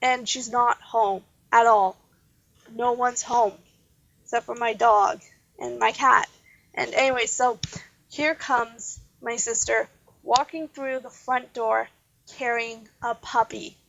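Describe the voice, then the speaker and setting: Slow and on the high side, with vocal fry, fairly even intonation and a slightly bright tone, a young Canadian gaming host tells a rambling story while playing, full of fillers and asides. Slight background noise sits under the dull lo-fi home mic audio.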